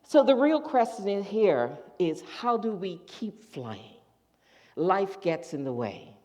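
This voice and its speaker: A minister giving a sermon in a church, telling a story with lively acted-out voices. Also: medium pitch, slow. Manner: animated storytelling, acts out quoted voices. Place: church sanctuary.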